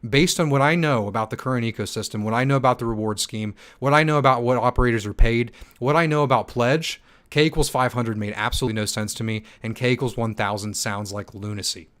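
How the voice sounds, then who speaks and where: A young man hosting a livestream Q&A, reading chat comments aloud and answering in a hyped, fast manner with many ums and restarts. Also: mid-range voice, fairly bright tone. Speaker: stake pool operator and channel host.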